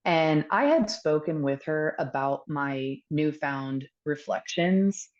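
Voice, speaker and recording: A woman telling a candid personal story as a podcast guest, earnest and reflective, pausing often with fillers. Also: low voice, expressive, darkish tone, highs cut off.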